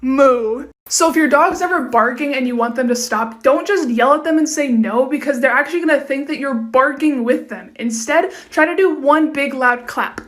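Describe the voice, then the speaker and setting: A young woman with a high, light voice rattles off fun facts to her phone audience. Her delivery is quick and chatty, with casual swearing mixed in. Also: fairly bright tone. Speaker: TikTok creator. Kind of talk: casual fact-sharing monologue.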